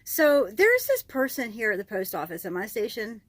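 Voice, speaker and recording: A woman chats to her camera in a casual daily vlog, telling stories from her mail route. Her voice sits a little high and she turns animated and incredulous as she vents. The sound is dry and close. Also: normal speed, no room sound. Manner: chatty storytelling, gets animated and incredulous. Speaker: vlogger, mail carrier.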